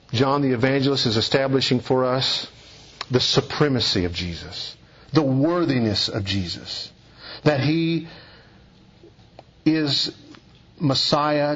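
A man's voice: mid-range voice, fairly bright tone, breathy edge, dull audio. A man preaching an expository sermon, emphatic and repeating key phrases for weight.

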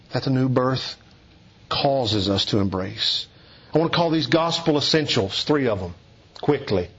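A man with an Eastern Kentucky Southern accent preaches a verse-by-verse sermon, earnest and emphatic, leaning hard on key words. His voice sits a bit high for a man, and the recording sounds dull and muffled. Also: fairly bright tone. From East Kentucky, USA. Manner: earnest, emphatic, deliberate teaching cadence. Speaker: pastor. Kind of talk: expository sermon.

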